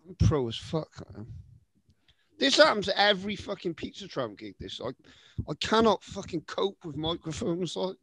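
A man's voice: high voice, sing-song, normal speed, a bit bright, slightly rough, no room sound. Sweary, self-mocking man chatting. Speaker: podcast guest. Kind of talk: casual chat. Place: home living room. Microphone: home mic on a stand.

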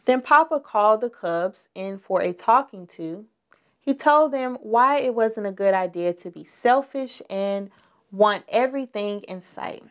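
A woman reading a children's picture book aloud as storyteller, gentle and clear. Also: mid-range voice, lively intonation, measured pace.

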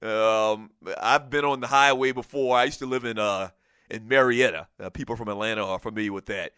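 A man hosting a casual sports talk show, animated, often laughing and reading listener messages aloud. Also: lowish voice, brisk, clean tone, no echo, clean studio sound.

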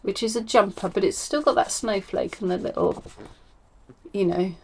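A woman's voice: medium pitch, normal speed, slight background noise. A woman hosting a crafting podcast from home, chatting casually and rambling, with many ums and self-corrections. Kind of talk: casual chat.

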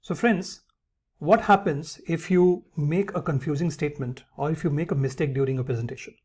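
A man with a somewhat high, husky voice gives an English lesson. His tone is mellow and relaxed, and he calls his viewers friends while reading example phrases aloud. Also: brisk. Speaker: English teacher. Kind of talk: instructional lesson.

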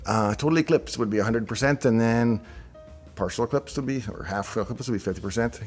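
A man's voice: mid-range voice, a little fast, a little mellow, breathy edge, soft background music. A middle-aged man hosting a show, casually thinking aloud as he reacts to on-screen designs with chatty asides. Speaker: show host reviewing software designs.

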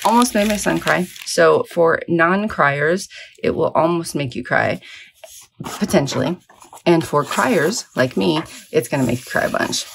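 A woman's voice: lowish voice, moderate pace, vocal fry, a little hiss or hum. A middle-aged woman in a sleepy early-morning mood, rambling chattily and self-deprecatingly while she crafts. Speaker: vlogger.

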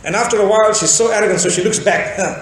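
Animated high-voiced male preacher, echoey hall. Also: quick pace. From Zimbabwe. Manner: animated storytelling with rhetorical questions. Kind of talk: sermon lecture.

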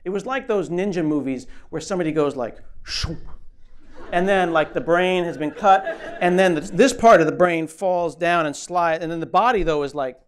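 A man giving a comic conference keynote on stage, animated and joking, acting out little voices as he tells stories. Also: a little high, fairly quick. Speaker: keynote speaker. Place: conference stage before an audience.

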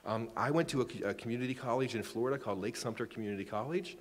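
A man's voice: medium pitch, very fast, long reverb tail. A man in his forties giving a public astronomy lecture, chatty and joking about himself, often restarting his sentences. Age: 40s. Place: lecture room.

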